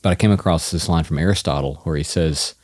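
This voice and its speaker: A man's voice: very deep voice, fast talker, darkish tone, no room sound, studio quality. A man hosting an interview podcast, speaking reflectively and affirming his guest often. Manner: thoughtful, reflective, frequent yeahs. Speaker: podcast host. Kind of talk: conversational interview.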